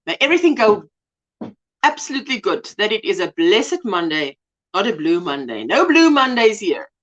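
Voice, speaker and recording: Middle aged south african lady doing a crochet live, reads chat out loud, bouncy lively voice. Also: mid-range voice, normal speed, highs cut off. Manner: chatty and affectionate, reads out viewer comments. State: eyes tearing from allergies. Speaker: crochet livestream host. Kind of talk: casual livestream chat, greeting viewers.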